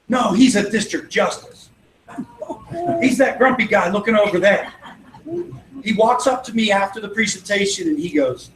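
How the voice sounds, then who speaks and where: A man with a high voice leads a motivational sales training, telling stories and acting out both sides of the dialogue. He sounds confident and persuasive. The room is echoey, with a faint hiss of noise underneath. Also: a little fast, a bit bright. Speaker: network marketing trainer. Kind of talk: motivational training talk with storytelling. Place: event venue.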